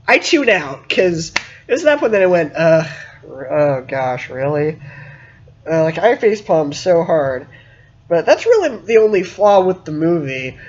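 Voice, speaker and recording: A man's voice: high voice, lo-fi sound. Chatty, emphatic man reviewing a film. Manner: animated and emphatic, with many fillers. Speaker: movie reviewer. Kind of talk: casual spoken movie review.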